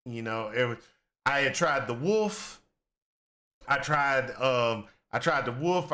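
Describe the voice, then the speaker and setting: A man's voice: on the high side, sharp tone. A man giving casual, rambling reaction commentary on a video game, venting in exasperation and acting out his own past complaints. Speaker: gaming content creator.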